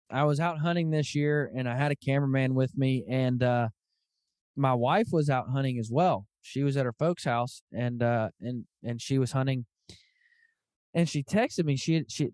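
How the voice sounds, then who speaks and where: A man hosting a podcast, his voice smooth and resonant and sitting at a middle pitch. He sounds earnest and chatty as he tells stories and plays the other people in them. The sound is dry and close to the mic. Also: a little mellow, dry recording. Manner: earnest storyteller who acts out quoted dialogue. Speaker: podcast host. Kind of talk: casual podcast conversation.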